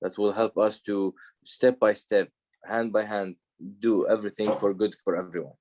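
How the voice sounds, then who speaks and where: Halting low-voiced priest host. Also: male voice, level tone. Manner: hesitant, warm-hearted, halting phrasing. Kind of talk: conversational interview.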